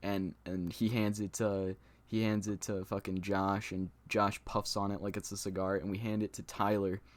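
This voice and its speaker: A man's voice: on the low side, level tone, normal speed. A young man telling a story in a loose vlog style, with lots of swearing, fillers and laughter. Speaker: storyteller vlogger.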